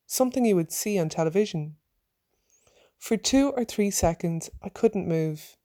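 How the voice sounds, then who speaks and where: A woman reading a personal story aloud, acting out her own shouted lines with energy. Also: fairly low pitch. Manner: lively, acts out her own shouted quotes.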